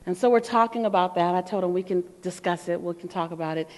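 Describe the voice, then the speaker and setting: A middle-aged woman giving an animated motivational talk to a live audience, playful and calling out to the crowd. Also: on the low side, fast talker. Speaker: motivational speaker. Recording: long hall reverb.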